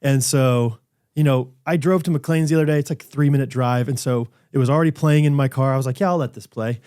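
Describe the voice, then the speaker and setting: A man's voice: mid-range voice, quick pace, darkish tone, smooth. A man co-hosting a casual podcast, telling a goofy everyday story with playful asides. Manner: jokey storyteller, sings snatches in a put-on croon. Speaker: podcast co-host. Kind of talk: casual chat.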